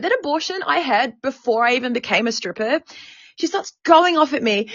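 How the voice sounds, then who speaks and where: A woman's voice: high-pitched, expressive, normal speed, no echo, lo-fi sound. A woman hosting a podcast who tells a personal story frankly and with animation, swearing freely. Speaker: podcast host and sex worker activist.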